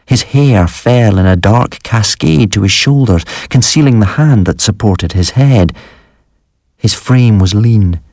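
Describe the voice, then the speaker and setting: A man with a deep, husky voice reads a spooky first-person story in a measured, dramatic way. The recording is dry and close, with no room echo. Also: darkish tone. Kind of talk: scripted horror story narration.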